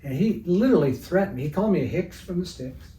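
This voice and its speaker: An older retired art teacher from the Evansville, Indiana area rambles through anecdotes in an interview held in his studio. He talks fast in a high, warm voice with lively intonation. The mic is distant and the room roomy, with faint background noise.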